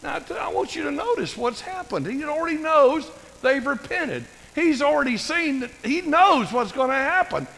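High, gravelly older preacher. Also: male voice, moderate pace, long reverb tail, rough recording. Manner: folksy, humorous, animated storytelling. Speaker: pastor. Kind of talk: sermon.

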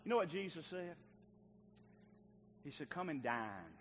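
A male pastor preaches a sermon with a high, lively voice that leaps up and down the scale. He acts out the dialogue of biblical figures, moving between loud calls and quiet, tender passages. The voice rings with the long reverb of a church hall. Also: a little slow, slight background noise. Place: church sanctuary.

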